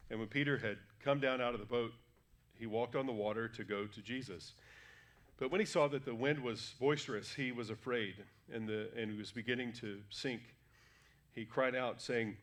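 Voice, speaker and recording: Man, sermon, conversational, fillers and self-corrections, mid-pitched voice, church. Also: moderate pace, fairly bright tone. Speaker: guest preacher. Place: church sanctuary.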